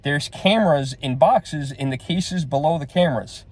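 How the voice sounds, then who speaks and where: A man's voice: a little high, moderate pace, a little mellow. A middle-aged man casually retelling a frustrating shopping trip, rambling and exasperated, quoting what everyone said. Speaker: vlogger. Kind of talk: casual storytelling to camera.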